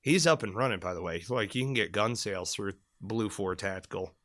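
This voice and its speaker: A man co-hosting a casual podcast, spinning a long, profane story with lively energy. His voice is bright and forceful. The sound is close and dry, with no room around it. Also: on the low side, fairly quick, no echo. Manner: animated, profane, rambling storyteller. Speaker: podcast co-host, former Marine.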